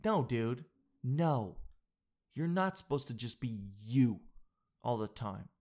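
Casual male vlogger, animated and wisecracking. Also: mid-range voice, takes it slowly. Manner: excitable, jokey, says "dude" a lot. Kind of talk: casual chat reading an article aloud.

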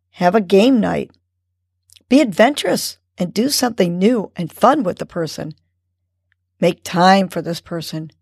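A woman hosting a morning mindfulness segment, calmly and encouragingly guiding a breathing lesson for kids. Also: lowish voice, gravelly, slightly rough, no room sound, clean studio sound. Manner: calm, slow, encouraging instruction.

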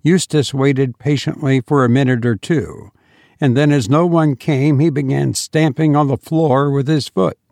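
A man reading a story aloud as narrator, in a slow, measured way. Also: mid-range voice, steady tone, darkish tone, dry recording, clean studio sound.

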